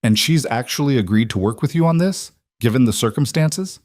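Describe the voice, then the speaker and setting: A man's voice: medium pitch, animated, a little fast, a little mellow, no echo, clean studio sound, voice pushed up, lightly acted. A man voicing a skeptical male investor asking pointed questions.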